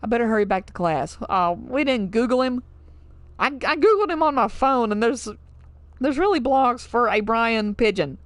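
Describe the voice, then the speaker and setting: A woman's voice: on the high side, lively intonation, normal speed, no room sound. A young woman hosting a let's play of a dating game, chatting casually, swearing often and laughing as she reacts. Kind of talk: game commentary.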